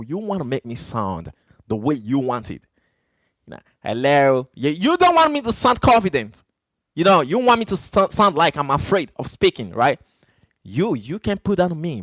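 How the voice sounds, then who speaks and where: A man's voice: fairly high pitch, no echo. A man who is not a native English speaker, livestreaming and ranting defiantly back at his chat, repeating "brother" and "you know". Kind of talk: live stream rant to chat.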